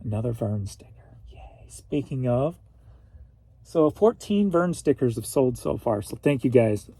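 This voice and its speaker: A man's voice: mid-range voice, expressive, measured pace, mellow, husky, no echo. A man from St. Louis, Missouri, rambling through a casual solo reseller vlog, chatty and at times emotional. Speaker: reseller vlogger.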